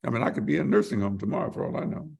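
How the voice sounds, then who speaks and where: Rapid-fire and fairly low-pitched with vocal fry, an older man tells vivid stories as an interview guest. He acts out quotes with animation and sometimes repeats words while looking for the next one.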